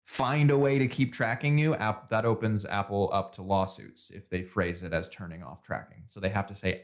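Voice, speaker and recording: A man with a fairly low voice, talking on a casual podcast. He rants and swears freely and laughs at his own jokes. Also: fairly even intonation, normal speed, hardly any pauses. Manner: ranting, swearing, laughing at himself. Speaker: podcast co-host. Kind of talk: casual profane podcast banter.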